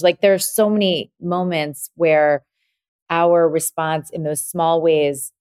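Give a woman podcast host with a very low voice, recorded close and dry. She talks in a reflective way and works her thoughts out aloud with her guest. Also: fairly even intonation, slow pace, darkish tone, clean tone, no room sound. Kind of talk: conversational interview.

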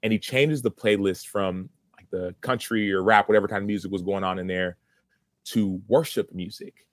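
A man's voice: on the low side, steady tone, normal speed, no room sound. A man in his thirties, a former football player, earnestly recounting a personal story in an interview, with many restarts.

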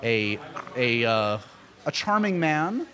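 A man interviews a guest in relaxed conversation. His humor is dry and self-deprecating, and he teases as he asks questions. His voice sits at an ordinary mid pitch. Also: slow pace. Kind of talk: casual interview chat.

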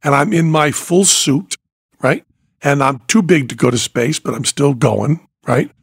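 An older man hosting a podcast, telling a story in a lively way, dropping quiet and then rising almost to shouting. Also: fairly high pitch, unhurried, creaky, slightly rough, dry recording, studio quality. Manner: animated, swings from quiet to near-shouting when acting out panic. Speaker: podcast host, magician and comedian.

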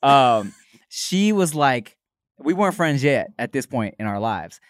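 Lively co-host guy, rambling chatty stories, dry close sound. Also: mid-range voice, measured pace, no room sound. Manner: rambling storyteller, many fillers, laughs often. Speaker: podcast co-host. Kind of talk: casual chat.

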